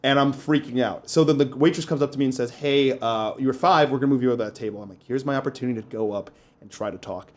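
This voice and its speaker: A young man, a stand-up comic and podcast co-host, telling a story in casual chat, quoting voices as he goes. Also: medium pitch. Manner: fast, animated storytelling with quoted voices.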